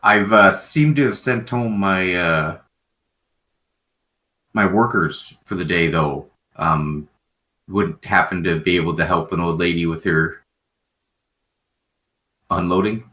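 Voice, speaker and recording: A man's voice: sits low, slow pace, pauses often, sharp tone, heavily acted. A man doing a gossipy old shopkeeper lady. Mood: wry. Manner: chatty, hesitant with many ums.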